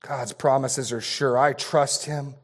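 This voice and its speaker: A man voicing a calm, confident father who speaks firmly and with assurance. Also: medium pitch, slow. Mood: assured. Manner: firm, assured.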